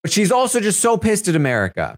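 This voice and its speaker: A man's voice: high voice, fast talker, no room sound, clean studio sound. A man giving a casual, sarcastic recap of a reality show as a podcast correspondent. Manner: animated, sarcastic storytelling.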